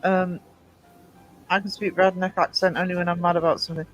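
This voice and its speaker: A man's voice: high-pitched, level tone, a little fast, fairly bright tone, soft background music, rough recording. A man with a mixed Scottish and American accent, hosting a casual stream chat and reading out viewer comments. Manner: chatty, reads out viewer comments. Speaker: host reading chat messages.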